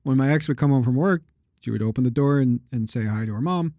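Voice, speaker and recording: A man co-hosting a casual podcast, telling animated stories and mimicking birds with shrill yells. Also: fast talker, no room sound, clean studio sound. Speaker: podcast co-host. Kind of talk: casual chat.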